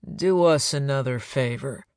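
A man's voice: medium pitch, a little slow, darkish tone, clear, resonant tone, dry recording, studio quality, lightly acted. A male narrator voicing a brash male police detective who cracks sardonic jokes. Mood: wry. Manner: sardonic, joking.

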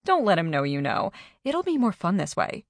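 A brash, playful pregnant woman, voiced by a woman reading an audiobook, a little higher than the reader's own voice. She tosses off wisecracks in an offhand way. The sound is close and dry. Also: very animated, moderate pace, no room sound. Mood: conspiratorial.

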